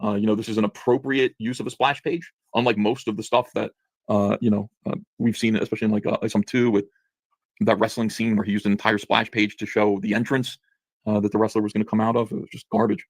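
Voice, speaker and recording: A man giving a sarcastic, indignant comic book review with rapid-fire commentary. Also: lowish voice, fairly even intonation, dry recording.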